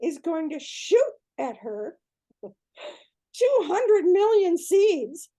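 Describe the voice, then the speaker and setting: An older woman telling a myth with lively, animated storytelling, often pausing to check in with her listener. Her voice sits high but stays mellow and warm rather than bright. She talks the way a guest does on a relaxed podcast interview.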